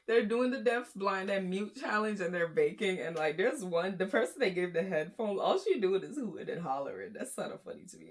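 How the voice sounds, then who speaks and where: A woman's voice: mid-range voice, animated, brisk, few pauses. A young woman from Florida giving casual, chatty reaction commentary on short videos, with lots of fillers. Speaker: commentary YouTuber.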